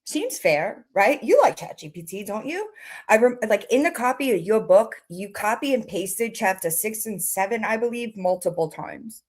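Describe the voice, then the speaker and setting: A woman's voice: mid-range voice, animated, moderate pace, a little mellow. A woman hosting a mocking reaction commentary, talking straight to the person she criticizes in a sarcastic, taunting way and reading items aloud as a list. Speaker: commentary host.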